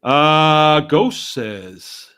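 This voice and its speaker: A man's voice: on the high side, lively intonation, very slow, bright, forceful tone, clean tone. Middle-aged guy from massachusetts, chatting loose on a live stream, reads comments out, chuckles, rambles on. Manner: rambling, conversational, chuckling asides. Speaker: host. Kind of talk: casual live-stream chat, reading viewer comments.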